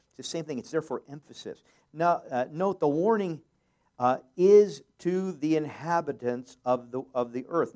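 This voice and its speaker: A man's voice: medium pitch, darkish tone. Man preaching a verse-by-verse sermon. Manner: reads scripture aloud with rising force, jokes lightly, many fillers. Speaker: pastor.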